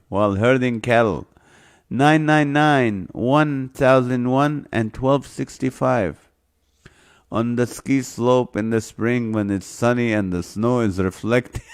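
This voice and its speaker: Slow-talking livestream host reading comments. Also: male voice, medium pitch. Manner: reads viewer names and guesses aloud, runs a guessing game; jokey, playful. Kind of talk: live-stream chat reading viewer comments.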